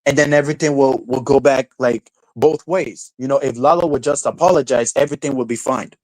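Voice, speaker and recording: A young man streaming live who rants and swears, mocking people in a high falsetto now and then. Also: brisk, no room sound, rough recording. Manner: ranting, profane, mocking, falsetto mimicry of quotes. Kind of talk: casual live-stream rant.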